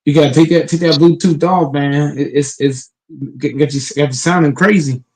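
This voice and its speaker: A man's voice: on the high side, steady tone, normal speed, darkish tone, poor audio. Emphatic, profane man hosting a sports panel. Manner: emphatic, profane, repeats words when restarting. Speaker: host of an online sports talk panel. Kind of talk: casual sports debate.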